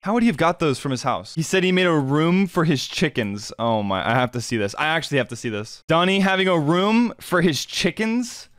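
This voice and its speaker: A man's voice: a little high, expressive, fairly quick, hardly any pauses, a bit bright, no room sound, studio quality. A young man giving casual game commentary, often puzzled and full of questions. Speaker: gaming YouTuber.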